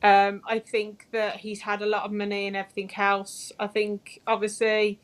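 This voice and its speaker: A woman's voice: mid-range voice, monotone, normal speed, clean tone. A woman on a podcast, giving her views in a plain-spoken, emphatic way during a casual football chat.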